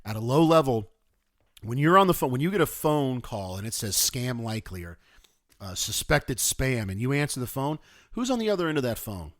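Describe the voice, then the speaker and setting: His delivery is sing-song and a little fast, with no echo on the recording. A podcast host in his thirties, he rants sarcastically in a casual monologue on a close studio mic, veering from low mutters to shouting.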